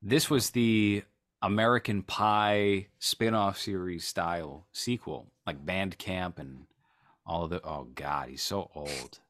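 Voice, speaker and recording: Man, very deep voice, rambling sarcastic podcast host, casual chat. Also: slow pace, a bit bright.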